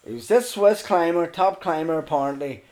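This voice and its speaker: Animated storyteller, man. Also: on the high side, normal speed. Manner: animated, swears freely, acts out others' lines. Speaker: interview guest, mountaineer. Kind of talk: casual storytelling.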